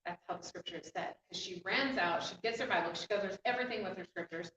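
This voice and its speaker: A woman telling a personal faith story in an animated, emotional way, often breaking into laughter. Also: medium pitch, fast, slight background noise. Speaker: inspirational speaker. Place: echoey room. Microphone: distant mic. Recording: echoey room, distant mic, dull sound.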